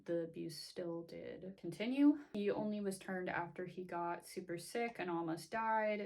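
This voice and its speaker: A woman's voice: fairly low pitch, gravelly. A woman casually recapping a TV series for her vlog, flippant and chatty, with lots of "like". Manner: chatty, flippant, filler-heavy with frequent "like". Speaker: recap vlogger.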